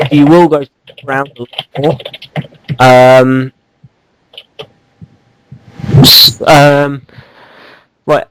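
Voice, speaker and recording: A man's voice: mid-range voice, no echo, rough recording. A man co-hosting a casual gaming podcast, rambling and teasing, with lots of ums and restarts. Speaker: podcast co-host.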